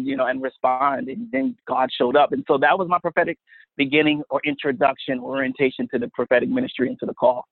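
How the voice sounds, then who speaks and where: A man's voice: mid-range voice, fast, no room sound. A man telling a personal faith testimony as a guest, earnest and storytelling, often repeating words. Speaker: guest minister. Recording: phone-line sound, dry.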